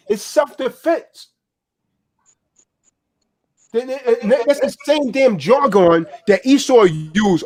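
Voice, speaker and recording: A man's voice: very high-pitched, slow, pauses often. A man delivering a heated, profane political rant in a preaching manner, tagging "man" onto his lines.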